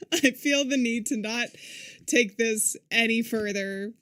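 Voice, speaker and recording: A woman's voice: a little high, slow pace, a bit bright. A woman streamer on a live game stream, reading both sides of the dialogue aloud in a put-on British accent and laughing between lines.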